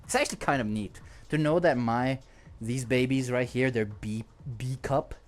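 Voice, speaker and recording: A man's voice: medium pitch, moderate pace, soft background music. A man with a non-native English accent chatting casually on a livestream, rambling, joking and laughing often. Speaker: streamer.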